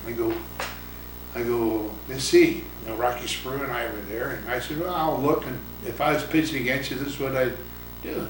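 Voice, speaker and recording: An older man and former ballplayer tells rambling stories in a casual interview, chuckling often and putting on other people's voices. He is heard from some distance in an echoey room, with clear background noise. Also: medium pitch, steady tone, normal speed. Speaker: retired baseball pitcher and coach. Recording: roomy, distant mic, noisy ambience.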